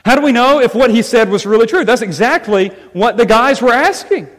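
A man preaching to his congregation with a high, lively voice that climbs and dips for emphasis. His words ring out with a long reverb through the church sanctuary. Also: brisk. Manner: animated preaching, rising and falling emphasis. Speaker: pastor. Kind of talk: sermon.

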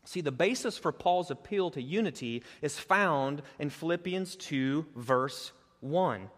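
A man with a fairly high voice preaches a sermon, earnest and emphatic, climbing higher and louder as he drives his points home. His voice carries a long, ringing reverb, as if recorded in a large church hall. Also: lively intonation, unhurried. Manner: earnest, building emphasis, rises in pitch and force as he presses a point. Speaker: pastor.

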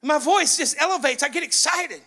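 A man preaching a sermon in a church, excitable and loud, his voice rising into yelling. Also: extremely high pitch, moderate pace. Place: church sanctuary.

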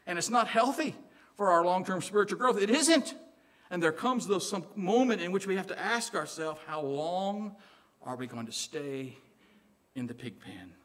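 A man from Illinois with a Southern accent, preaching a sermon in an animated, joking way, dropping quiet for emphasis. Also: high-pitched, normal speed. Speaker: pastor.

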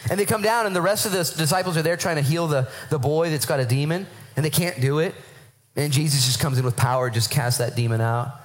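A man preaching a sermon at a morning church service, excited and animated, acting out voices as he tells the story. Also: a little high, quick pace, poor audio. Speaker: pastor.

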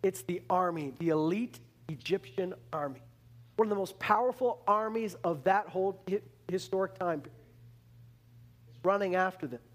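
High-voiced animated male preacher. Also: normal speed. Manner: animated, acts out the complaining Israelites in a higher voice; repeats words and restarts phrases. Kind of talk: sermon.

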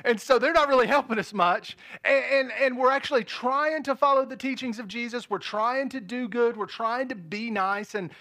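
Pastor, male, 30s, high bright voice, playful sermon delivery to a big congregation. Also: moderate pace, few pauses. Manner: lively, joking, talks to the congregation. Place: large church hall with balcony.

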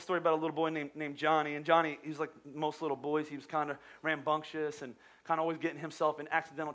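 Bright-voiced energetic man preaching. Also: fairly high pitch. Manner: energetic storytelling, with restarts and stumbles. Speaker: pastor. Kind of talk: sermon.

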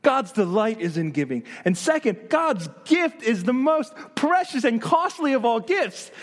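A man with a notably high voice preaches a sermon from the pulpit. He delivers it with animated energy, asking rhetorical questions and mixing in light humor. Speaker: pastor.

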